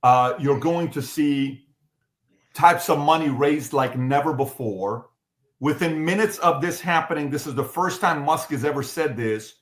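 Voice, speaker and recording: A man's voice: fairly high pitch, unhurried. Emphatic man hosting a panel, roomy sound. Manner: urgent, emphatic, leading the discussion. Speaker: podcast host. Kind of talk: panel discussion.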